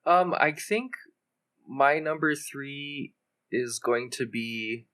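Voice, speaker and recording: A young man co-hosting a podcast, chatting casually in a joking, deliberate way. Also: mid-range voice, fairly bright tone. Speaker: podcast co-host. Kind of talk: casual chat.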